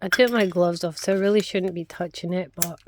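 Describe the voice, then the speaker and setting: A middle-aged Scottish woman chats casually in her craft studio for a vlog, rambling from one thing to the next and talking to her pets as she works. Her voice is lowish with fairly even intonation and a brisk pace, and there's background noise.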